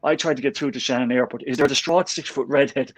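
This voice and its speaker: A middle-aged Irish man telling a lively story in a casual chat. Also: mid-range voice, quick pace, slightly rough, rough recording. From Ireland. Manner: animated anecdote-telling with laughs.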